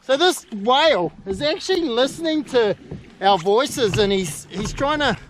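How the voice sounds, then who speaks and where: A middle-aged man with a New Zealand accent, narrating an excited outdoor vlog from a kayak at sea and often calling out loudly. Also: very high-pitched, a little slow, poor audio. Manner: excitable, exclaiming, calls out loudly. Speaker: kayak fishing host. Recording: wind and water noise.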